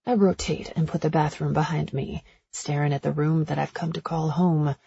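A woman narrating a first-person romance audiobook in a breathy, intimate storytelling voice. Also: low voice, fairly even intonation, moderate pace, mellow, no room sound, dull audio.

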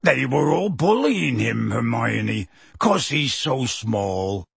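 Gentle giant, deep and rough, slow and pleading, a man putting him on, audiobook, dry sound. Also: lively intonation, dry recording, heavily acted. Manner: hushed, slow, earnest pleading. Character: huge gentle half-giant man, tearful and anxious. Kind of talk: audiobook character voice.

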